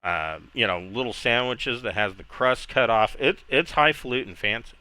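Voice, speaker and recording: A man's voice: mid-range voice, moderate pace, sharp tone. A man narrating as game master in a casual, rambling way, full of restarts. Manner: casual, many fillers and restarts, laughs easily.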